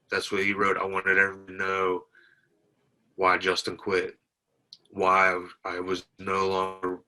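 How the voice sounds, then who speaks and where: Deep, bright and forceful, this man's voice comes through a low-quality recording as he, a military veteran, tells his story in an interview. He speaks plainly, retelling exchanges line by line with plenty of "I said".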